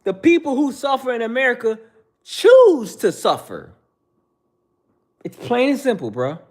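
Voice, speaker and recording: A man's voice: very high-pitched, huge pitch swings, measured pace. A man in his thirties hosting a livestream, bluntly lecturing viewers in the chat with repetitive slang. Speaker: livestream host. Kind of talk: casual livestream rant.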